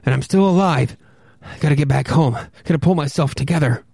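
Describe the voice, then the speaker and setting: An earnest young hero from a vintage horror comic, as a man reads him out, urgent and melodramatic. His voice is a little gravelly and sits slightly raised, dry and close to the mic. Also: on the high side, brisk, dark tone, no room sound. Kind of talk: dramatic reading of a comic.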